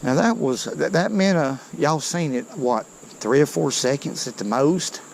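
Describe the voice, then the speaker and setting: Man, gravelly voice, slow drawl, excited fishing commentary, outdoors with crickets. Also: fairly high pitch, slight background noise, low-quality recording. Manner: excitable, folksy, talks to viewers as he fishes. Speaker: fishing vlogger. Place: outdoors by a creek.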